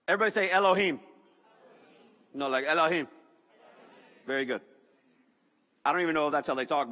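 Casting: upbeat male pastor, high and bright, joking to the congregation, big hall reverb. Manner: energetic and joking, with playful asides. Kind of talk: sermon.

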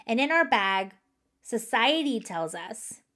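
A woman's voice: on the high side, very animated, takes it slowly, pushed and bright. A woman hosting a faith-based podcast for moms, talking earnestly and directly to her listeners. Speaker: podcast host.

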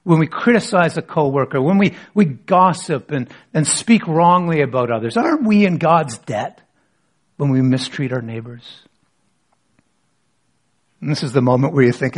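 A man's voice: fairly high pitch, animated, moderate pace. A man preaching a sermon as pastor, asking rhetorical questions and leading the congregation in reading scripture aloud.

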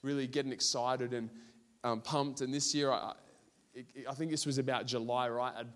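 A young Australian man preaching in a relaxed, chatty way, with plenty of "like" and "um" as he tells stories against himself. His voice sits at an ordinary male pitch and trails off into a long hall reverb. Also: normal speed. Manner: chatty, rambling, self-deprecating, many fillers. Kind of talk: casual storytelling sermon.

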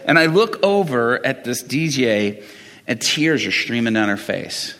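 A man's voice: medium pitch, very animated, a little slow, a bit bright, big-room sound. A middle-aged man preaching a sermon, telling stories animatedly, acting out dialogue and chuckling often. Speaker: pastor. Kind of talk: sermon storytelling.

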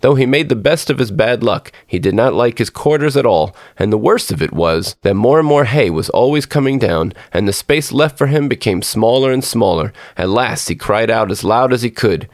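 A man narrating a storybook as a podcast storyteller, in a measured, expressive reading. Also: medium pitch, dry recording, clean studio sound.

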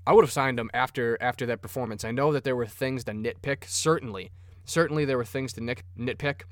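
A man with a brisk, mid-range voice hosts a sports podcast, rambling casually, enthusiastically, and profanely. He's from Minnesota, and the studio-quality recording has no room sound.

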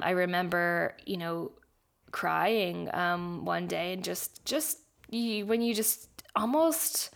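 A woman's voice: mid-range voice, gravelly. A young woman from Canada, a podcast host, telling her life story casually with laughter and the odd swear. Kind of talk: personal storytelling.

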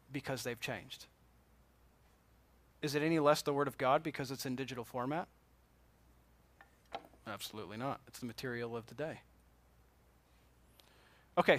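A man's voice: a little high, a bit bright, dry recording. A man teaching a Bible class from slides, talking casually and asking the class questions. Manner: conversational, asks the class questions.

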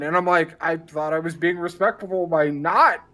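A man's voice: high voice, normal speed, hardly any pauses. An American man with a voice that swings all over, telling a story on a casual podcast. He jumps into the voices of the people in his story and swears without holding back. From United States. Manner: animated, acts out the people he quotes, swears freely. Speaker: podcast co-host.

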